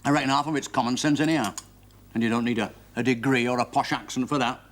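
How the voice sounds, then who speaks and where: A man doing a brusque yorkshire trucker who's done being talked down to, old tv drama sound, a bit far from the mic, talks quick. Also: mid-range voice, steady tone, close to an everyday voice. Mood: grumbling. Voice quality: blunt, brusque. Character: gruff working-class Yorkshire lorry driver.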